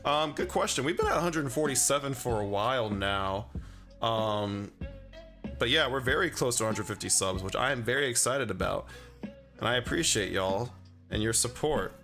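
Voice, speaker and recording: A man's voice: mid-range voice, lively intonation, moderate pace, pushed and bright, soft background music. A man livestreaming while he paints miniatures, rambling casually with lots of fillers and chuckling as he answers his chat. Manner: rambling and chatty, full of fillers and chuckles, reads chat aloud.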